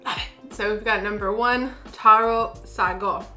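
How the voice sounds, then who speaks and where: Young american girl reviewing snacks, super bright voice, gushy and playful. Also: medium pitch, steady tone, measured pace, faint music behind. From United States. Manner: effusive, gushing and playful. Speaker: food vlogger. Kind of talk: casual taste-test vlog.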